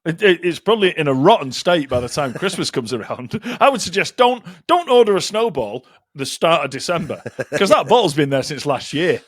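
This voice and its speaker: Male podcast co-host, fairly high and bouncy voice, laughing and swearing in casual banter. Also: sing-song, fairly quick, hardly any pauses, dry recording, clean studio sound.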